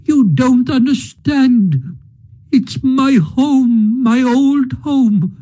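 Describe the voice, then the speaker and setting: A man voicing a timid, heartbroken male mole who pleads in a high, soft, tearful voice. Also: animated, very slow, heavily acted. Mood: pleading.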